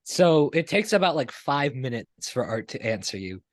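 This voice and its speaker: Halting game master narrating a scene. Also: male voice, mid-range voice, very animated, no room sound. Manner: loose, halting narration with many fillers.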